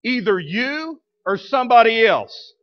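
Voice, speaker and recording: A man's voice: extremely high pitch, sing-song, measured pace, lo-fi sound. A male pastor preaching a sermon in a conversational way, asking his congregation rhetorical questions. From United States. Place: church.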